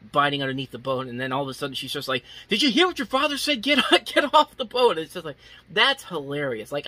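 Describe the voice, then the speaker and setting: A man's voice: medium pitch, bright, forceful tone. Rambling, enthusiastic young man reviewer. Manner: rambling, many restarts and "like" fillers. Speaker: movie reviewer. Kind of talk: casual unscripted review.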